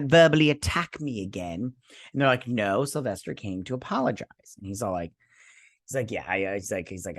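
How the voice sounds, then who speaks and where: A man hosting a casual episode recap, rambling, with loose asides and quick mock quotes of the characters. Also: lowish voice, a bit bright, no room sound, studio quality. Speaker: host.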